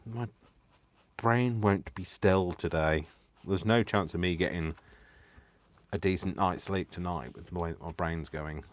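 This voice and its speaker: A man with a low, deep voice hosts a live crafting stream from home. His talk is giddy and rambling, full of restarts and asides to viewers. He keeps laughing to himself and teasing himself. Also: a little slow, no room sound. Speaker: crafting livestream host. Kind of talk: casual live crafting chat.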